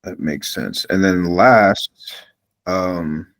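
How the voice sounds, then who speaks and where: A man's voice: low-pitched, drawn-out words, a bit bright. A man asking questions as a trainee on a live video call, hesitant and full of fillers.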